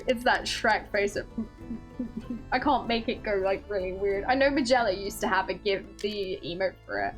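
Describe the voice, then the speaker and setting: A young woman streaming a game, reading its dialogue aloud and gushing with giggly excitement. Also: medium pitch, moderate pace, soft background music.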